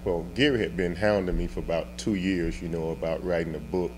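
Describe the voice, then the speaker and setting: A man's voice: deep voice, fairly even intonation, brisk, music in the background, poor audio. A man earnestly recalling a last conversation in an interview. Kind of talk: interview recollection.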